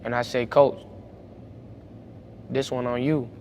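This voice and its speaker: A young man speaks in a casual, unscripted way with a drawl. His voice sits at an everyday middle pitch and turns animated and loud whenever he acts out an argument. A faint background noise runs under the recording. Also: takes it slowly. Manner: animated, gets louder retelling arguments. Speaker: high school basketball player. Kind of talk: casual storytelling to camera.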